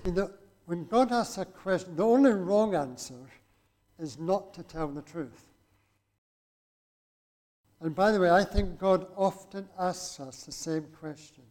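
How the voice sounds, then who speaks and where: High-voiced man preaching a sermon. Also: lively intonation, unhurried, darkish tone. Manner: conversational, asks the listeners rhetorical questions. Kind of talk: sermon with scripture reading.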